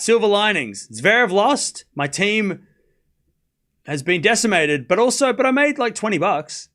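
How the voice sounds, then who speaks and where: A man's voice: high-pitched, sing-song, unhurried, pushed and bright. A man hosting a live stream, chatting casually, often laughing and joking sarcastically as he reads and answers his chat.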